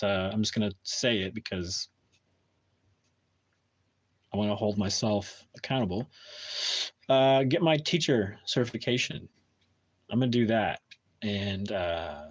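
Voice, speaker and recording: A man chatting casually with viewers on a live stream at home, talking hesitantly with many restarts and fillers. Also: on the low side.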